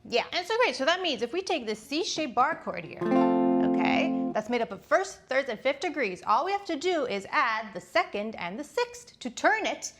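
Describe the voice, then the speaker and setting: Playful woman guitar teacher, high and very animated, casual lesson. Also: moderate pace. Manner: playful, chatty, explains step by step.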